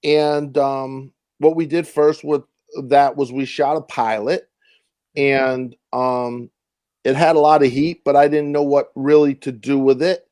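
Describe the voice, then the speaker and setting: Appearing as a guest on an interview show, an actor and comedian tells casual, meandering stories with plenty of fillers and restarts, doing voices for the people he quotes. His voice is medium-pitched, steady and darkish, his pace measured, and there's no echo.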